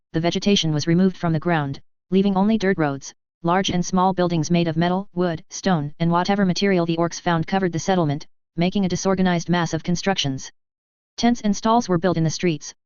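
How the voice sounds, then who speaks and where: A narrator reads a first-person fan story aloud, keeping a steady, plain pace. Her lowish voice is very smooth and clear. The recording is dry with no echo and has a slightly dull, lo-fi quality.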